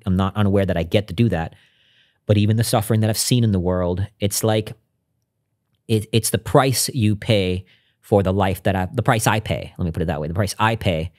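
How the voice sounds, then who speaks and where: A man's voice: on the low side, a little fast, a little mellow. A man speaking as a podcast guest, telling a personal story in an earnest, reflective way with frequent restarts.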